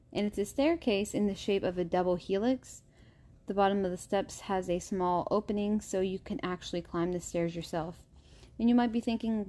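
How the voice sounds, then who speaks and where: A woman's voice: medium pitch, dark tone. A woman hosting a casual podcast, chatty and stumbling over names as she reads. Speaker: podcast host.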